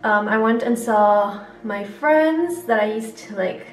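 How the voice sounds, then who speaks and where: A woman's voice: on the high side, slow. Brief: young woman from Mexico, British English accent, rambling makeup chat with the odd swear, recorded from a little way off in an echoey room. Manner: rambling, chatty, self-correcting, casual swearing. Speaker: beauty vlogger. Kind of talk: casual chat while doing makeup. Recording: echoey room, mic a bit far, faint music.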